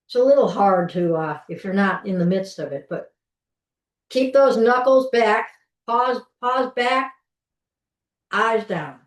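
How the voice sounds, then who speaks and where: A woman's voice: medium pitch, takes it slowly, long pauses. Chatty woman teaching cooking over a call. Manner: chatty, folksy, restarts often while demonstrating. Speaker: cooking instructor. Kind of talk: live online cooking class. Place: home kitchen. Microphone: video call from a distance. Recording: roomy kitchen, mic far off.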